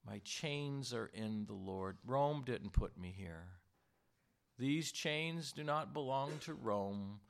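A man preaching a sermon, animated, asking the congregation rhetorical questions and slowing down to stress key words. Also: creaky. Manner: slows and drops low to stress key words. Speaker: pastor.

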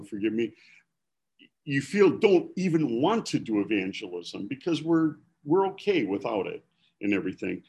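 Brief: midwestern-pitched man, rambling and self-mocking, telling stories from the pulpit. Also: a little mellow, slightly rough. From Milwaukee. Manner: rambling, self-deprecating humor. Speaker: preacher. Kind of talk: casual storytelling sermon.

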